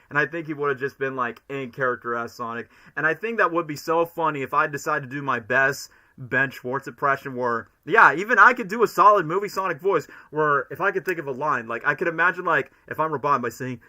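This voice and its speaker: A young man from Florida rambles to his livestream chat, jumping from thought to thought. His voice is slightly high with a very bright, tense edge, and he talks in a loose, excitable way. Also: a little fast. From Florida, United States. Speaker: streamer. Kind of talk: casual livestream reaction chat.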